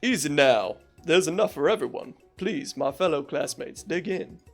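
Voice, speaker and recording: A streamer voicing a proud old chef with a put-on Southern drawl that drifts between regions, speaking in a slow, folksy way. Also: medium pitch, expressive, soft background music.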